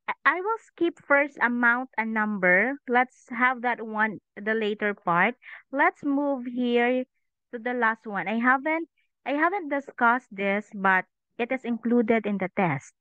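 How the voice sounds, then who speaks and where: A woman teaching an online English class to children, patient, with a steady stream of questions and "okay"s. Her voice is fairly high and smooth. It comes through thin, phone-like call audio with no room sound. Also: a little slow, no room sound. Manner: patient, asks questions, says "okay" often. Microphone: video call microphone.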